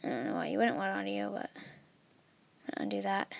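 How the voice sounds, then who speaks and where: A young woman explaining an app in a casual, chatty way, with many fillers and a voice that trails off softly. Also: medium pitch, flat delivery, moderate pace, gravelly. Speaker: video tutorial maker. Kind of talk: casual screen tutorial.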